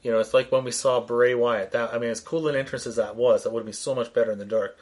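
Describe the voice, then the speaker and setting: A man's voice: medium pitch, steady tone, fast talker. A man co-hosting a casual wrestling podcast, making teasing dry quips and brief agreeing asides. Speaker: podcast co-host.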